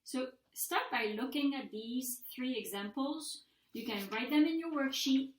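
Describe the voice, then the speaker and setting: A woman's voice: sits high, a little slow. A woman, a language instructor, recording a mini-lecture and patiently modeling example sentences aloud. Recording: echoey room.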